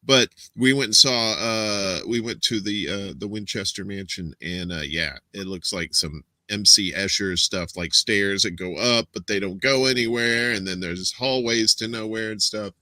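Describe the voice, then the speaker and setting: Man, show host, rambling jokey chat, very bright forceful tone, dry close sound. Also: fairly low pitch, normal speed, hardly any pauses, no room sound. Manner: rambling, joke-telling, many fillers. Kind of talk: casual live-show chat.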